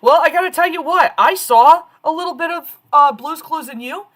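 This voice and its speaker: A woman in her thirties hosting a casual stream, telling stories in an animated, chatty way. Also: high-pitched, normal speed. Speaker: streamer host.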